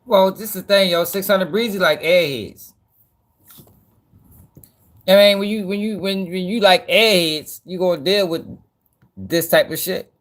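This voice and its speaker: A man's voice: sits high, a little slow, pauses often, fairly bright tone. A man hosting a gossip news channel, commenting on clips in a laid-back, slangy, amused way.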